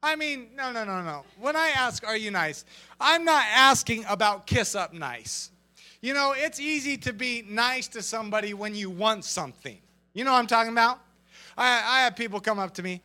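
A man preaching an energetic sermon as pastor, joking and acting out little voices as he goes. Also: very high voice, normal speed. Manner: animated and joking, acts out voices.

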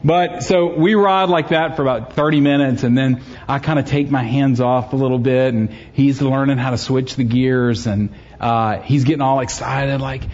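A man's voice: mid-range voice, moderate pace, darkish tone, dull audio. Joking, conversational man preaching a sermon. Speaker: pastor. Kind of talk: sermon with personal story.

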